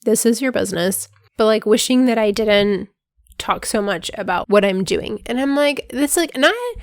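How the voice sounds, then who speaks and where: A woman hosting her own podcast, talking casually in a voice hoarse from being sick, filling her sentences with "like" and breaking into bursts of excitement. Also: a little high, moderate pace, dry recording, studio quality. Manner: chatty, fills with "like", bursts of excitement. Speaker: podcast host. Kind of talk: casual solo podcast monologue.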